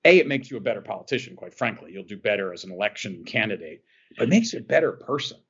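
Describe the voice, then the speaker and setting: A man's voice: on the low side, expressive, fast, fairly bright tone, breathy edge, highs cut off. A man from New Jersey, a guest on a podcast, telling a personal story in an earnest way and often repeating phrases as he goes. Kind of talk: emotional personal storytelling in an interview.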